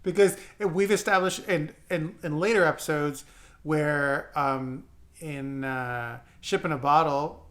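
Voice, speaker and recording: A man co-hosting a casual podcast chat, halting and repeating words as he recalls details. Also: fairly high pitch, steady tone, a bit bright. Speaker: podcast co-host.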